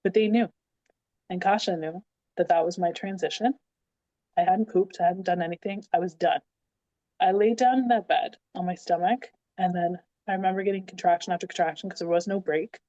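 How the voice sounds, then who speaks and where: Woman, animated storyteller, warm mellow tone, dry sound. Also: fairly low pitch, fairly quick, dry recording, dull audio. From Canada. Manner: animated, says "like" a lot, acts out quotes. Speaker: guest. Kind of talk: casual storytelling.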